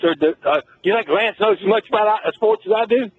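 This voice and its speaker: A man's voice: high voice, brisk, slightly rough. An older man, a regular caller to a sports radio show, insistent and needling as he repeats his point. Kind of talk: argumentative phone-in call. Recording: tinny phone line with faint hiss.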